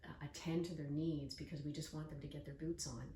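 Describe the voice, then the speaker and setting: An older woman hosting a casual interview tells stories earnestly, acting out the voices of people she quotes. Her voice is low, level, dark and fairly quick, recorded from far off in an echoey room with faint noise.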